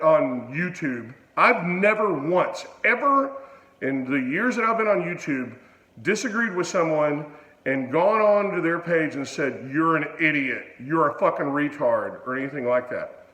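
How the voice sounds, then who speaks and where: A man's voice: a little high, big pitch swings, measured pace, sharp tone, roomy sound, poor audio. Blunt, profane man ranting. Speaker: channel host. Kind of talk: casual vlog rant.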